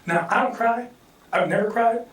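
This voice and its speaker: A male stand-up comedian telling a loose, animated story and acting out the quotes, at a live comedy venue. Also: extremely high pitch, normal speed. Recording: echoey room, distant mic.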